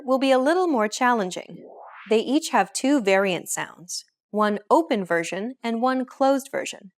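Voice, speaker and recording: A woman hosting a language lesson, explaining pronunciation in a clear, measured scripted narration. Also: a little high. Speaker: host.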